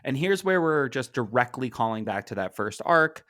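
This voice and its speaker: A man's voice: medium pitch, sing-song, moderate pace, bright, forceful tone. Chatty man explaining a comic plot. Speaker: podcast co-host. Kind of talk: casual comic book discussion.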